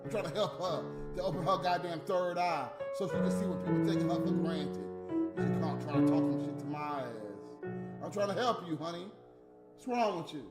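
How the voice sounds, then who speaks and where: A middle-aged man hosting a livestream rants off the cuff, blunt and exasperated, cursing freely. His voice is a little high and brisk, heard in an echoey room over loud music.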